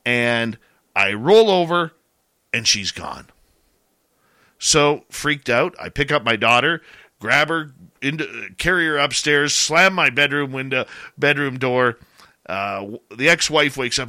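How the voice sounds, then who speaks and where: A middle-aged man telling a ghost story in a casual, animated way, getting louder at the scary parts. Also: medium pitch, unhurried, no echo, studio quality.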